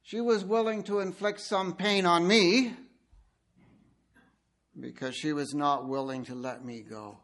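A man's voice: a little high, unhurried, pauses often. A man preaching a sermon, telling stories and speaking directly to his listeners. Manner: animated storytelling, addresses listeners directly.

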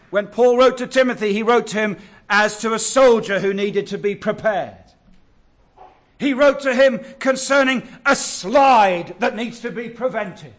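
A man preaching a sermon, earnest and exhortative, drawing out key words slowly. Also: sits high, a bit bright. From England.

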